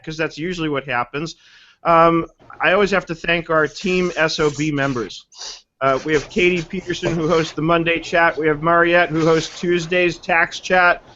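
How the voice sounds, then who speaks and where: A man's voice: sits high, pushed and bright, slight background noise. A man hosting a casual group video chat, joking and rambling playfully. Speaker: webinar host. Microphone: video call. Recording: dull lo-fi video call audio.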